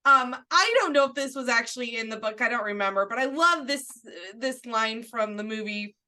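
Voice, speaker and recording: A woman's voice: a little high, normal speed, bright, forceful tone. A woman co-hosting a podcast in casual chat, eagerly retelling favorite film lines. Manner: enthusiastic, acts out quoted lines. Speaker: podcast co-host.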